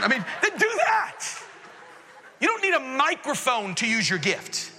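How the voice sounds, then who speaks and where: A man preaching a sermon to students as their pastor, animated and acting out quoted voices, sometimes rising to near shouts. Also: extremely high pitch, measured pace. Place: church auditorium. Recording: echoey hall with faint music behind.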